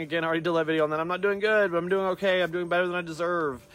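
A man's voice: high voice, steady tone, racing, a bit bright, smooth. A hairstylist man talking casually to his camera, rambling through a long story with many tangents and restarts.

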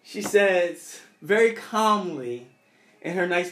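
A man's voice: high voice, normal speed, reverberant, soft background music. A young man casually telling a story from his childhood, rambling and restarting his sentences often.

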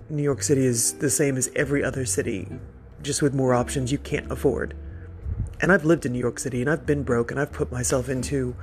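A medium-pitched man hosting a podcast tells a personal story casually and ramblingly, dropping self-deprecating asides and laughing softly between thoughts.

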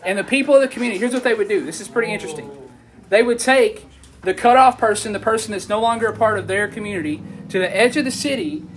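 A man's voice: high-pitched, quick pace, a little hiss or hum. A man, preaching a casual sermon and asking the audience questions as he goes. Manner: conversational, asks the audience questions, animated. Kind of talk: casual sermon to a youth group.

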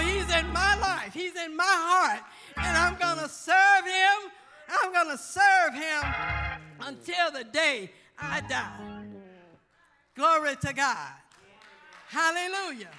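A woman's voice: very high voice, lively intonation, takes it slowly, pushed and bright. A woman pastor preaching a fervent gospel sermon, repeating and building her phrases. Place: church sanctuary. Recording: church hall reverb with faint music.

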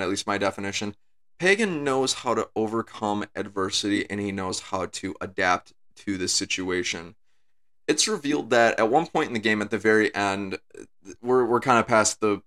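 Low-voiced man breaking down a villain. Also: fairly bright tone. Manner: talks things through, repeats his points. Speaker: video essay creator. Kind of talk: casual analytical commentary.

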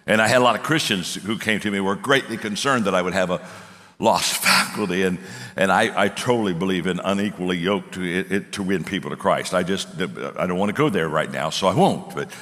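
A man preaching a sermon in a folksy, animated storytelling manner, with many restarts. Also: sits low, fairly quick, in a large hall.

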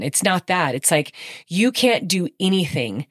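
Low-voiced woman telling a race story. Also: no echo, studio quality. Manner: animated, emotional, quick bursts with frequent fillers. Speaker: podcast guest recounting her race. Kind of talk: casual conversational storytelling.

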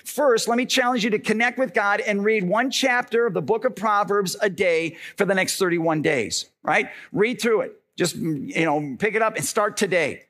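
A male pastor giving an energetic, conversational sermon, often checking in with the congregation. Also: high voice, normal speed, hardly any pauses.

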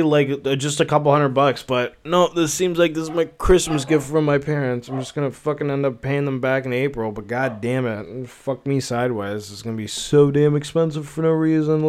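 A man's voice: a little high, steady tone, fairly quick, few pauses, a little mellow, clear, resonant tone. A young man hosting a casual solo podcast, rambling and swearing, full of filler words. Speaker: podcast host.

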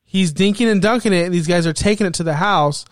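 A man's voice: high-pitched, fast talker. A man co-hosting a casual sports chat, reeling off stats and needling his partner. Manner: teasing, stat-heavy, needling. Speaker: podcast co-host.

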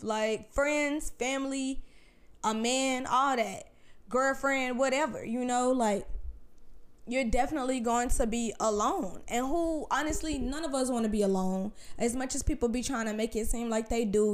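Woman, casual personal monologue, slightly high, slangy and emphatic. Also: unhurried. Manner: slangy, conversational, emphatic rhetorical questions. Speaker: speaker sharing personal views.

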